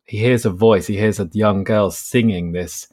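Author guest, lowish voice, relaxed and explanatory. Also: male voice, normal speed. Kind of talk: casual conversational interview.

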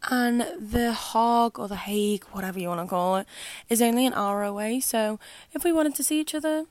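A young woman talks loosely to her listeners in a casual podcast, her voice sitting a little high. She wanders from thought to thought with constant "like"s and "um"s. The sound is dry, with no room around it. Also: brisk, darkish tone, dry recording. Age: young adult. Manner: chatty and rambling, fills speech with "like" and "um". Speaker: podcast host. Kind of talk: casual solo podcast chat.

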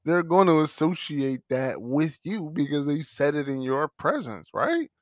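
A man co-hosting a loose podcast conversation, telling stories with lots of energy and acting out what people said. His voice sits a little high for a man. The sound is close and dry. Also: measured pace, no room sound. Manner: animated storyteller who acts out quotes and laughs often. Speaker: podcast co-host. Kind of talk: casual chat.

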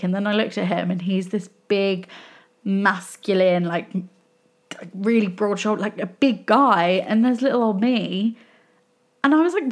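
A woman's voice: medium pitch, fairly even intonation, moderate pace. A young woman from England, talking through a casual solo podcast in a rambling, self-reflective way. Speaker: podcast host.

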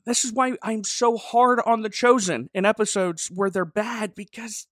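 A slightly high-voiced man recaps scenes in a lively, chatty way, slipping into the characters' voices as he goes. The sound is dry and close, with no room around him. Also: moderate pace, dry recording. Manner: animated, voices characters in quoted dialogue. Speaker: podcast co-host and pastor. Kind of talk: casual review chat.

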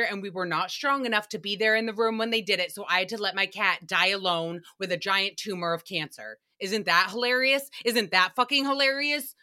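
A young woman hosting a podcast, recapping an episode in a profane, sarcastic comic monologue. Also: mid-range voice. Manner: profane, sarcastic, animated storytelling. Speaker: podcast host. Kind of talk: casual comedic recap monologue.

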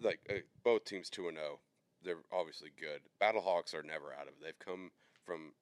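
A man's voice: sits low, no room sound. A man co-hosting a podcast, chatting casually and loosely about sports bets, with plenty of fillers. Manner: loose, rambling, lots of fillers. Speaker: podcast co-host. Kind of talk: casual sports betting chat.

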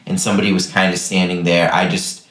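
Deep-voiced man rambling in casual chat. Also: flat delivery, fast, a bit bright. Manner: rambling, loose with many "like" and "kinda". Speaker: podcast co-host. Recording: roomy echo.

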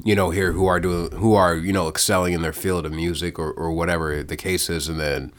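A young man from Iowa, a guest on a podcast, talking in casual chat with halting repeated words that often trail off softly. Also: deep voice, level tone.

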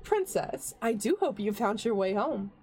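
A woman's voice: mid-range voice, sing-song, a little slow, a crowd in the background. A woman voicing a flamboyant, beautiful male air genasi neighbour who flirts in a purring, theatrical way. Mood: flirtatious.

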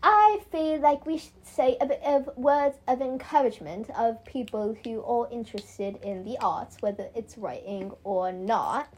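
A teenage girl with a fairly high voice co-hosts a relaxed chat show. She is playful and giggly, and she rattles off her thoughts in quick bursts. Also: breathy edge. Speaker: podcast co-host. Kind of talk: casual chat.

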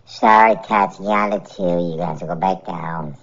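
A very low, gravelly woman's voice that swings widely in pitch as she grades fighters in a loose, joking commentary. She laughs often and keeps it animated. The recording is dull and lo-fi. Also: measured pace. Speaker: MMA fight analyst. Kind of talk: casual fight-picks commentary.

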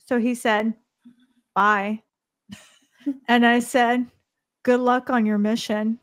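A woman's voice: a little high, flat delivery, slow pace, a little hiss or hum. A woman co-hosting a casual podcast, telling a story in a chatty, giggly way. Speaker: podcast co-host. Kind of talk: casual chat.

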